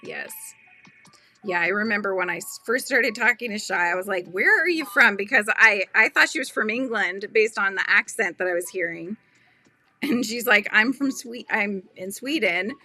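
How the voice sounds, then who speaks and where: Faint music plays behind a woman whose medium-pitched voice sounds bright and forceful at a normal speed. She's crocheting on a relaxed live stream, chatting and giggling while reading viewers' comments aloud.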